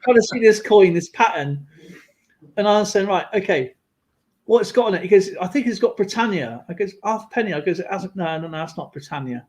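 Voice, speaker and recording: A man chatting casually on a livestream, rambling through an animated story with lots of fillers. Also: high-pitched, fairly quick, poor audio. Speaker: guest on a livestream. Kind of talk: casual chat.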